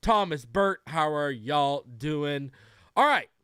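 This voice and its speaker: Chatty male livestream host, smooth voice. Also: on the high side, lively intonation, slow, bright, forceful tone, dry recording, clean studio sound. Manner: loose and chatty, greets viewers by name; frequent fillers and restarts. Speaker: podcast host. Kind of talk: casual livestream chat.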